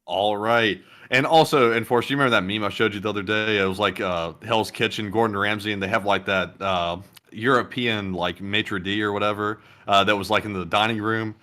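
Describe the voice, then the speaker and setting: A man from Alabama, co-hosting in casual chat, reading out donations and telling animated stories. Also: fairly low pitch, brisk, hardly any pauses. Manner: animated storyteller. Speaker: co-host reading viewer donations.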